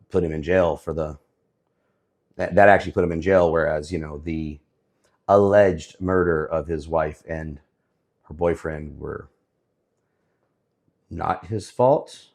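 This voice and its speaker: A man giving casual, sarcastic commentary on the week's news, often pausing with fillers. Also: deep voice, fairly even intonation, a little mellow. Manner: sarcastic, hesitant with many fillers.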